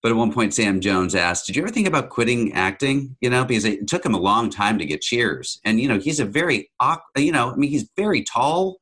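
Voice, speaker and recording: A man's voice: medium pitch, animated, fairly quick, hardly any pauses, fairly bright tone, slightly rough. A man hosting a casual interview, chatting enthusiastically with his guest. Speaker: interview host.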